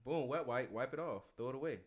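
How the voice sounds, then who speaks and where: A man co-hosting a podcast, laughing often and explaining himself in crude, animated chat. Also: mid-range voice, fast. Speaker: podcast co-host. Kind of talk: casual chat.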